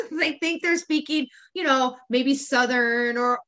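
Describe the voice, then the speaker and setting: A woman's voice: sits high, slow, noisy background. A woman co-hosting a casual podcast, running through pet peeves in an exasperated, laughing, profane way. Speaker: podcast co-host.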